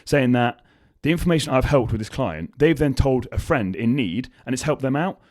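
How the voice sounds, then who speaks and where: A man's voice: medium pitch, normal speed, no echo. A young man hosting a podcast, talking casually and swearing freely as he gives motivational advice. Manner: swears freely, animated storytelling with acted quotes. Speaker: podcast host.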